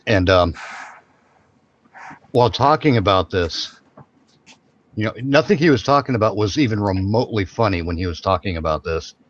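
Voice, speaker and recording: A man with a lowish voice talks loosely in a casual podcast chat, circling back over his words and restarting phrases. The recording sounds dull and lo-fi. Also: moderate pace, long pauses, a little hiss or hum. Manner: rambling, repeats and restarts phrases. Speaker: podcast co-host.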